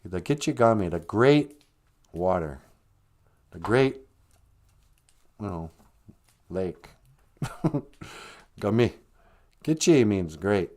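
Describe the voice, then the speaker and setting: A man's voice: on the low side, very slow, pauses often. A man hosting a comic live-stream language lesson, joking and laughing easily as he explains words. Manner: joking, laughs often, relaxed teaching.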